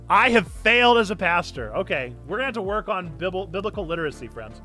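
A pastor giving excitable live-streamed gameplay commentary, now and then bursting into loud cheers. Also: male voice, sits high, quick pace, few pauses, soft background music. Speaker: pastor streaming a video game.

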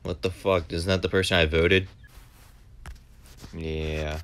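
A man's voice: deep voice, little pitch movement, takes it slowly. A young man giving casual, profanity-heavy commentary while playing a game, often erupting in frustration. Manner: swears a lot, flares into shouted frustration. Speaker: gaming video host.

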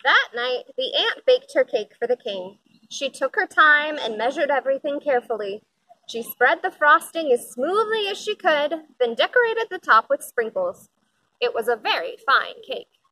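A woman reading a children's picture book aloud, with expressive, lively storytelling. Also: high voice, normal speed, poor audio. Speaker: storybook reader.

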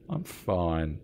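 A man giving jokey, excitable live commentary as a game streamer, joking with chat and swearing now and then. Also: sits low, gravelly, a little hiss or hum. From Australia.

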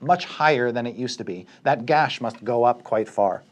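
A man running a tabletop game as dungeon master, narrating the scene with lively asides to the players. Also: mid-range voice, normal speed.

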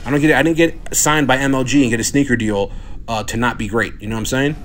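This gaming video commentator is a young man talking fast at a medium pitch with a somewhat bright tone, bragging and trash-talking over footage of his own play. He sounds swaggering and cocky, and there's a slight hiss or hum in the background.

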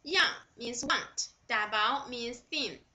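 Slow, bright-voiced Chinese-accented woman teaching. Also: fairly high pitch. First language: Mandarin Chinese. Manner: repeats each phrase, then glosses word by word. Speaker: Mandarin teacher. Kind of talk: slow vocabulary lesson.

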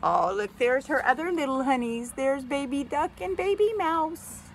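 A woman reading a picture book aloud to a child, gently and slowly, with gasps and exclamations. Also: high-pitched, lively intonation, slight background noise.

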